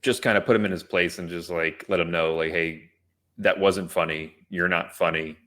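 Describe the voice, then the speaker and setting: A man's voice: low voice, fairly even intonation, moderate pace, fairly bright tone. A man co-hosting a podcast, telling a story in casual chat with many restarts and fillers. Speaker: podcast co-host.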